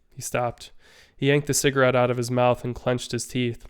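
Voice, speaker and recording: A man reading a novel aloud for his students, steady and measured. His voice is smooth and clear, at an everyday middle pitch. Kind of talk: audiobook narration.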